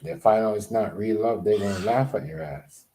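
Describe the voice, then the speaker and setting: A man's voice: lowish voice, expressive, moderate pace, warm tone, slight background noise. A man in a casual, rambling vlog rant, profane and emphatic, often repeating himself. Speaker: vlogger.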